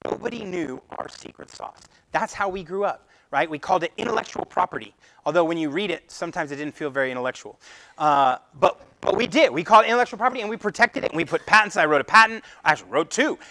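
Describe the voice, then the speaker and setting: A man speaking at a meetup, giving a lively presentation and acting out conversations with clients. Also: on the high side, quick pace, creaky, dry recording, poor audio. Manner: animated, acts out client conversations. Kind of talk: live presentation to a meetup audience. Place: meetup room.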